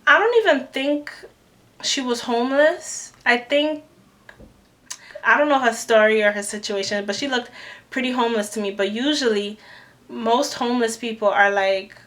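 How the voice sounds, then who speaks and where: A young woman in a storytime vlog, animated and acting out the people she quotes. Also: fairly high pitch, moderate pace. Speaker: vlogger. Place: New York City.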